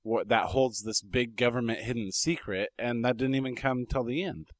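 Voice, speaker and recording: A man's voice: medium pitch, moderate pace, no echo. A man co-hosting a podcast in casual chat, blunt, swearing casually and telling stories. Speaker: podcast co-host.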